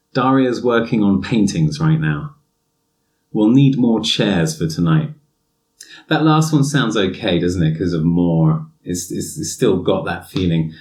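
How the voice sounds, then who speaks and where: A man with a fairly low voice talks through a podcast lesson on English grammar. He muses aloud in a loose, easygoing way, full of fillers and restarts, and reads out example sentences to make his points. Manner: relaxed and musing, with many fillers and restarts. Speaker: English teacher and podcast host.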